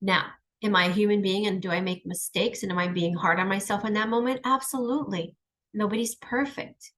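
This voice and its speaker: A woman's voice: mid-range voice, fairly even intonation, a little fast, fairly bright tone. A middle-aged woman speaking in a heartfelt personal monologue, earnest and emphatic, reflecting on her own struggles. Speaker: channel host.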